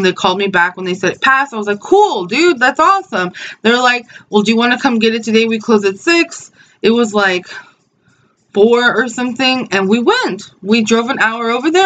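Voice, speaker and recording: A woman's voice: on the high side, a bit bright, muffled recording. A woman, telling a story in a casual vlog, blunt and swearing freely, with lots of "like" and "dude". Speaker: vlogger.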